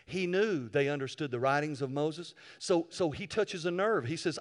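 A male pastor preaching a sermon, telling stories with animated swings from quiet asides to loud bursts. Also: a little high, moderate pace, few pauses.

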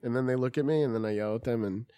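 A man with a mid-pitched voice, chatting casually and swearing often. His voice is dry and close to the mic. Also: rapid-fire, clear, resonant tone, no echo. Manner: profane, animated when mimicking people. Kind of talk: crude casual chat.

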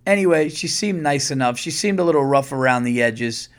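A man's voice: medium pitch, a little fast. A man hosting a podcast, telling a story in casual monologue, acting out other people's lines and swearing freely. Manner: swears freely, repeats words when excited. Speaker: podcast host.

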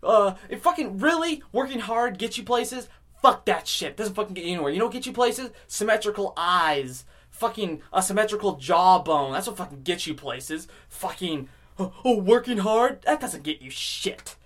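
A man hosting a podcast alone, rambling casually with constant swearing and swings between loud outbursts and low mutters. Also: expressive, moderate pace. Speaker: podcast host. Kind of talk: casual rambling solo monologue.

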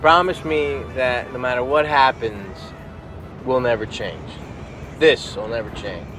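A man's voice: mid-range voice, unhurried, natural voice. An actor playing a sincere young man earnestly begging his best friend to stay the same, over music.

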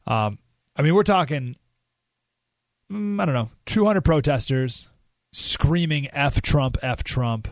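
A man hosting a talk radio show, telling a story in an animated way and jumping his voice up when he acts out what people said. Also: fairly high pitch, takes it slowly, pauses often, dry recording, studio quality.

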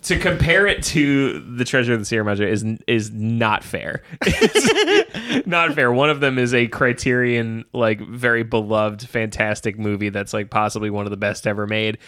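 A man's voice: fairly low pitch, fairly even intonation, moderate pace, few pauses, a bit bright, no echo. A man co-hosting a podcast, chatting playfully about movies with a teasing, hesitant manner. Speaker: podcast co-host. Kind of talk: casual chat about movies.

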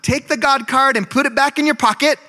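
A man's voice: extremely high pitch, fairly quick, long reverb tail. A man in his forties, a pastor giving a conversational sermon, telling stories and throwing asides to the congregation. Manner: animated, storytelling, frequent asides to the congregation.

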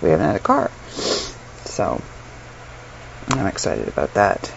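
Tired, chatty woman with a gravelly voice. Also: a bass voice, wildly swooping pitch, unhurried. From Canada. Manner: chatty and rambling, frequent ums and laughs. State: unwell and tired. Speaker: vlogger. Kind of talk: casual chat to camera. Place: her bedroom at home. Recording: dull lo-fi sound with faint room noise.

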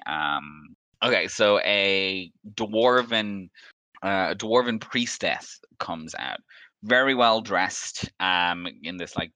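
A man runs a tabletop game with a low but very bright voice. He narrates with lots of fillers and laughs, recorded close on a dry mic. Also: no room sound. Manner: laughs often, hesitant fillers. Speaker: game master.

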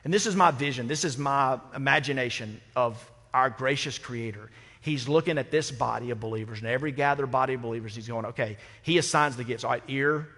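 A man's voice: mid-range voice, bright, forceful tone. A man pastor giving a sermon in a conversational, humorous way, with rhetorical questions to the congregation, on a microphone in a church. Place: church sanctuary. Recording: long hall reverb.

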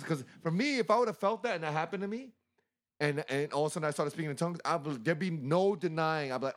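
A young man telling stories in casual chat, animated and full of filler words and swearing. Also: fairly high pitch, fast talker.

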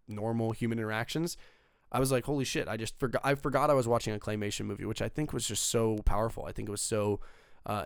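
A man's voice: on the low side, clean tone, no echo, clean studio sound. A young man giving a casual, rambling movie review, swearing freely and leaning on fillers like "like" and "you know". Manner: rambling, profane, filler-heavy. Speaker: film reviewer.

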